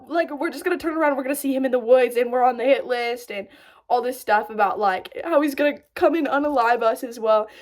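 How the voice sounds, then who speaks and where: A young woman in her twenties telling a story to her phone camera in a casual vlog, animated and breathless, with lots of "like" and laughter as she goes. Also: high voice. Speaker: storyteller vlogger.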